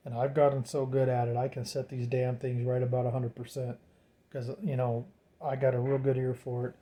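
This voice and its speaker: A man walks through a radio setup in a loose, rambling way, stumbling over repeated words and filling gaps with "you know." His voice sits dark and mellow, in an ordinary middle pitch. It sounds like a home workshop recording. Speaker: radio hobbyist explaining setup. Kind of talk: casual how-to tutorial.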